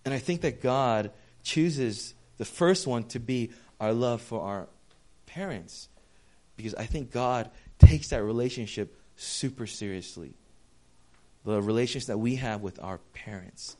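A man delivering a sermon in a casual, conversational tone, at a medium pitch for a man. He tells stories and acts out dialogue with lively shifts of voice as he talks to a congregation. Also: measured pace. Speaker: pastor.

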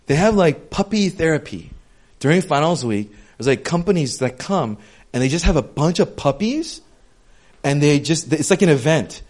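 Chatty higher-voiced young man preaching. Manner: chatty, many fillers like "um" and "like", animated storytelling. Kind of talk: casual conversational sermon.

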